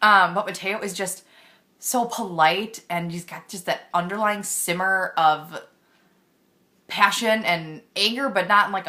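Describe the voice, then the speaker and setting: A woman's voice: fairly low pitch, pushed and bright. A young woman book vlogger chatting casually and gushing with enthusiasm about her favorite characters, with lots of fillers. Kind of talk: casual chat.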